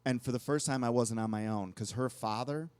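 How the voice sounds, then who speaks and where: A man's voice: medium pitch, brisk, darkish tone, smooth, no room sound. A man co-hosting a talk show, telling long rambling anecdotes in casual conversation. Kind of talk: casual storytelling chat.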